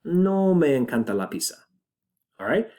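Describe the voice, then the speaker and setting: A man teaching a Spanish grammar lesson step by step, often pausing to check in with students and slowing down to model example phrases. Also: fairly high pitch, very animated, dark tone. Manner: explains step by step with frequent check-in questions; switches into slow, deliberate Spanish example phrases. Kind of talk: recorded classroom grammar lesson.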